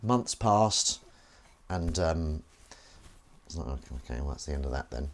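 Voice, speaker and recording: A man's voice: rumbling low, animated, unhurried. A man hosting a live stream, chatting playfully and rambling with silly asides while washing up. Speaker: streamer host.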